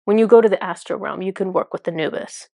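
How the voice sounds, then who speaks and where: A woman's voice: mid-range voice, fairly even intonation, fast talker, darkish tone, no echo, clean studio sound. A woman speaking as a spiritual channeler in a casual, enthusiastic monologue full of fillers. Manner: chatty, filler-heavy, enthusiastic.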